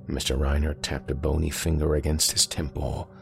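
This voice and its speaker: A man reading a first-person horror story in a steady, measured way. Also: rumbling low, creaky, faint music behind. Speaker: audiobook narrator.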